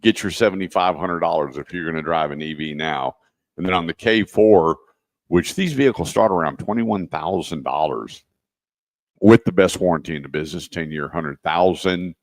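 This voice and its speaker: A man's voice: low voice, moderate pace, dry recording, clean studio sound. A man hosting a car radio show in a casual, folksy way, telling stories and acting out the people in them. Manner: folksy storyteller acting out quoted voices.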